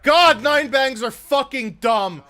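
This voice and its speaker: Raging streamer man, profane, high-pitched and bright, cracking into yells; headset live commentary. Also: takes it slowly. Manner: raging, profane, yelling at teammates and the game. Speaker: gaming streamer. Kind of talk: angry live gameplay commentary.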